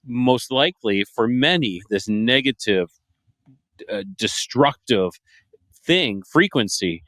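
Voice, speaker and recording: A man's voice: medium pitch, lively intonation, fairly bright tone, no echo. A man hosting a podcast interview, talking casually with frequent stammers and restarts. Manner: halting, stammers and restarts, praising the guest. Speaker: podcast host.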